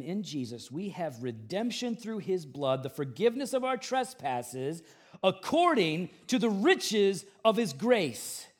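A man pastor preaching a sermon, conversational and animated, swinging between loud emphatic peaks and quiet asides, with self-deprecating humor. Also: sits high.

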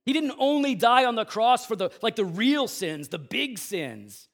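A man preaching a Good Friday sermon with intense, swinging delivery, casual asides and slang between loud emphatic lines and hushed low ones. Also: very animated, measured pace. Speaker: pastor.

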